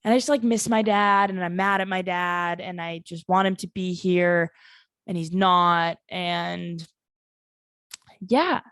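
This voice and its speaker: Her fairly low, level voice comes across unhurried, smooth, and fairly bright in a dry, studio-quality recording. The twenty-something host is doing a solo podcast from her family home, telling a personal tale in a rambling, frank way, leaning heavily on "like" and swearing without hesitation.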